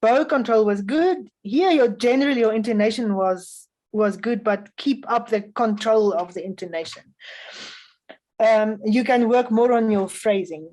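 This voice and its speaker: Woman, slightly high voice; patient adjudicator giving considered feedback, plenty of fillers. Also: darkish tone, rough recording. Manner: measured, instructive, frequent um fillers. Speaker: music festival adjudicator. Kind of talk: spoken feedback to young violinists.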